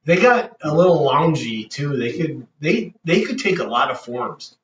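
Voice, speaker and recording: Man, fairly high voice, relaxed music-buff talk, heard from a distance in an echoey, dull recording. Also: normal speed, a little hiss or hum. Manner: laid-back, music-buff rambling. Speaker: band member co-host. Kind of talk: casual chat.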